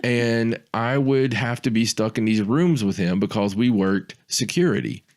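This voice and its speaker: A man's voice: lowish voice, measured pace. Rambling male podcast co-host. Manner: rambling, repeats words, animated when quoting others. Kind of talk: casual storytelling chat.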